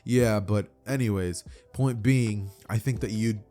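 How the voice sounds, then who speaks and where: A man's voice: on the low side, a little slow, mellow, soft background music, lightly acted. A man voicing a jovial adult male superhero mentor in a casual retelling of a fan story, talking heartily. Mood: reassuring.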